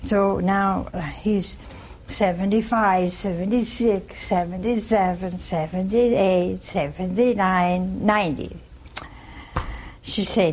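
A woman preacher giving a folksy, animated sermon, throwing rhetorical questions at her listeners. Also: mid-range voice, takes it slowly, slight background noise.

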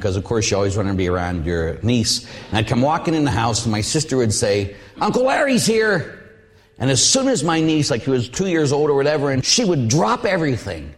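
Male priest, sermon, lively pitch swings, acts out voices, long hall echo. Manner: animated storytelling, acts out voices and hugs.

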